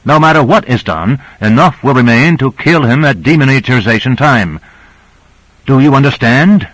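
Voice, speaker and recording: A man's voice: medium pitch, lively intonation, normal speed, fairly bright tone, no echo, pitched above the performer's own voice, poor audio. A man reading the part of a stern, argumentative male scientist in an audiobook. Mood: insistent. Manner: pressing, argumentative.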